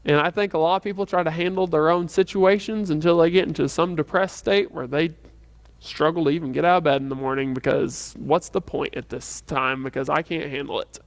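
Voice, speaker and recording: A man's voice: a little high, steady tone, a little fast. A man leading a casual church youth lesson in a rambling, chatty way, full of fillers and restarts. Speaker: youth Bible teacher.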